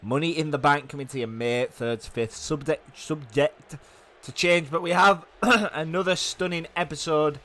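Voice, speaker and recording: A young man with a hoarse, fading voice, giving fast, chatty commentary on a wrestling video game. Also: on the high side, bright, forceful tone. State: hoarse, losing his voice. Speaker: gaming YouTuber.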